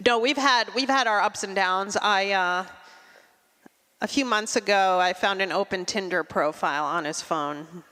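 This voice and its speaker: A middle-aged woman doing a stand-up comedy set, with a dry, deadpan delivery and quick asides. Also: medium pitch. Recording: long hall reverb.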